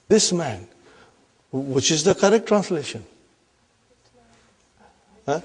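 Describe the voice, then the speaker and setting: Man teaching Arabic grammar, fairly high voice. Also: darkish tone. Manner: checks in often with the class; explains step by step, repeating key terms. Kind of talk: classroom lecture.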